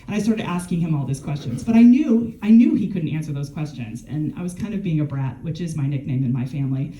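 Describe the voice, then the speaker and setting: A woman's voice: sits low, expressive, fast talker, dark tone, echoey room, rough recording. A woman, a gerontologist, talking casually and candidly about caring for a family member, with self-deprecating laughs. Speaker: gerontologist and speaker. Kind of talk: casual conversational storytelling. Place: warm room.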